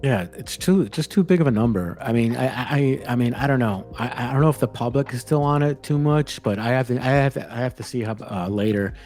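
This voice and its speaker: A man's voice: mid-range voice, brisk, hardly any pauses, darkish tone, faint music behind. A man co-hosting a sports betting podcast, rambling and ranting with many restarts in casual chat. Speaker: podcast co-host.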